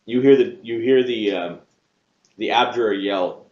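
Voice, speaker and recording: Low-voiced man running a tabletop game. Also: roomy sound, dull audio. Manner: halting, frequent restarts and ums. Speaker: game master. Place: room with several players around a table.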